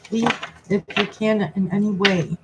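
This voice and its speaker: A woman tarot reader on a live stream, talking softly and reflectively as she passes on messages from a spirit. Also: mid-range voice, a little slow. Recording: noisy recording with clicks.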